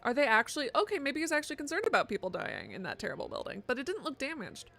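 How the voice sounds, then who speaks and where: A woman's voice: high voice, very animated, quick pace, gravelly, fairly bright tone. Sarcastic, chatty woman game streamer. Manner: chatty, sarcastic, swears a lot. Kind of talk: live gameplay commentary.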